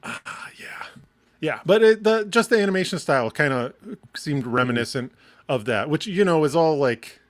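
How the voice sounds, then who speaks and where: A man from Michigan co-hosting a casual live entertainment show, excitable and swearing freely, laughing often. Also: on the high side, moderate pace. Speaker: co-host. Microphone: wired mic on a short cord.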